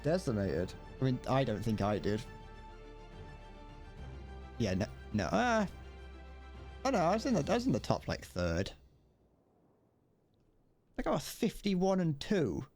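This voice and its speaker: A man's voice: mid-range voice, wildly swooping pitch, measured pace, long pauses, darkish tone, faint music behind. A young man streaming a shooter game, chatting casually and joking at length. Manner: rambling, joking, often laughing at himself. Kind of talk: casual gameplay commentary. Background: gunfire and explosions from the game.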